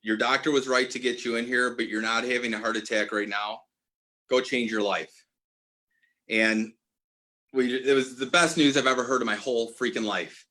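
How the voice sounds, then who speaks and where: This man in his 40s, an apparel brand owner, earnestly relates a personal story as a podcast guest. His medium-pitched voice is steady and sharp at a moderate pace, with many restarts and self-corrections.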